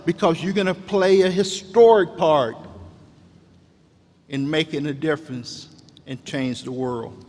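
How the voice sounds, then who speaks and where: A man's voice: a little high, unhurried, pauses often, darkish tone. Rousing man in a big hall. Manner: rousing, preacher-like cadence with repeated calls. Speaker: commencement speaker. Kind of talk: inspirational commencement speech. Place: large hall. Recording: long hall reverb.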